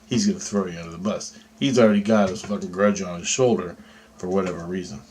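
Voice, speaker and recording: A man's voice: low-pitched, fairly even intonation, fast talker, darkish tone, slight background noise. A man telling a story in a rambling, agitated spoken monologue, swearing often and checking in with "right?". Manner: profane, agitated, conversational with repeated "right?". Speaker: vlogger recounting a dream.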